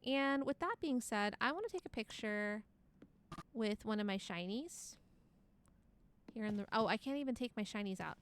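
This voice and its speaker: A woman's voice: fairly high pitch, lively intonation, moderate pace, a little hiss or hum. A young woman streaming a game live, chatting casually, reading chat aloud and laughing often.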